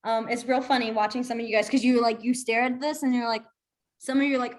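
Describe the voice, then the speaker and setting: Woman, a friendly class teacher, talky and encouraging, a bit high-voiced. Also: fairly even intonation, fast. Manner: chatty, encouraging, laughs often. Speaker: sign language teacher. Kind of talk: casual online class instruction.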